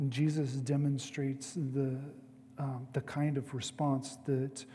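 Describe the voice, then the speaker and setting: A man's voice: mid-range voice, level tone, unhurried, dark tone, a little hiss or hum. Man preaching in a reverberant hall. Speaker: pastor. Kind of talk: sermon.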